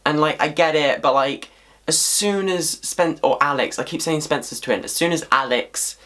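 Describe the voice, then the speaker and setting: A man ranting casually to camera as a vlogger, swearing freely in an animated, exasperated way. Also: on the high side, normal speed.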